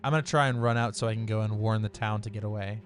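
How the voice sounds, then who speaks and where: A man's voice: fairly low pitch, steady tone, rapid-fire. A man playing a tabletop game, asking questions as he thinks. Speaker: player.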